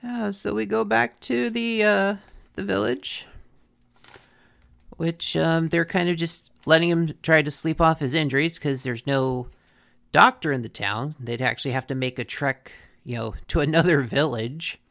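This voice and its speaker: A man's voice: on the high side, a little slow, vocal fry. A man co-hosting a podcast, recapping a cartoon episode in a casual chat and acting out lines from it. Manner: animated, acts out quotes from the episode.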